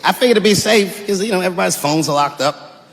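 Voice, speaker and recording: A man performing a stand-up comedy set on stage, telling a story with animated delivery and shouted punchlines. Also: high voice, quick pace, gravelly. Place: comedy stage, live audience. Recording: reverberant live venue with audience noise.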